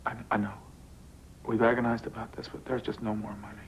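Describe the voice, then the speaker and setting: A man's voice: on the low side, flat delivery, fairly quick, slight background noise, lightly acted. An actor playing a weary, worried adoptive father who speaks in a subdued, apologetic way. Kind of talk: film drama acting.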